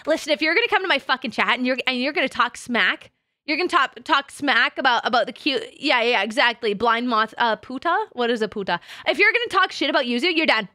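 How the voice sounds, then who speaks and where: A woman's voice: high voice, lively intonation, fast, pushed and bright, dry recording, studio quality. A woman streaming as a VTuber in casual chat, swearing freely and breaking into laughter often. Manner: profane and giggly, swears often and laughs a lot.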